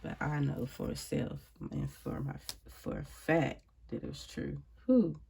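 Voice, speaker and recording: A woman's voice: sits low, steady tone, a little slow, vocal fry, a little mellow, slight background noise. A grieving woman talks to camera at home in a casual personal monologue. She is reflective and sighing, with frequent prayerful exclamations. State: grieving, emotionally drained. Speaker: vlogger. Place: at home, indoors.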